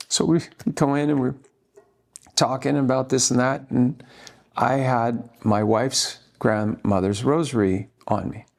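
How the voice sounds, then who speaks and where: A man's voice: medium pitch, fairly even intonation, takes it slowly, creaky. A man being interviewed as a guest actor, telling earnest, rambling stories full of restarts. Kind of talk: anecdotal interview storytelling.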